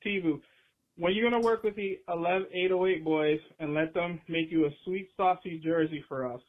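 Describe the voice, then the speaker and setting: A man from Boston calling in with a rambling, slang-filled question, excited as he talks. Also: a little high, a little fast. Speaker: caller. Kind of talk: casual call-in question. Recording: tinny phone line.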